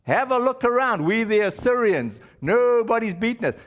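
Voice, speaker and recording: A man's voice: very high voice, big pitch swings, moderate pace, pitched above the performer's own voice. A man doing a scornful, taunting army commander. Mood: mocking. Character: arrogant mocking enemy army commander, man. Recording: dull lo-fi audio.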